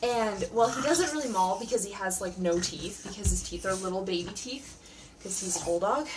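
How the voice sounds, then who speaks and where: A woman's voice: medium pitch, animated, fairly quick. A woman giving a casual, sarcastic spoken review of a TV show from home, talking in a chatty way full of "like". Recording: distant from the mic, faint background noise.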